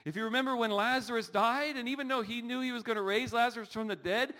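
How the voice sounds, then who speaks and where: A man's voice: very high voice, steady tone, fast, bright, forceful tone. A middle-aged man preaching a sermon, earnest and full of rhetorical questions, rising in emphasis. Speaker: pastor.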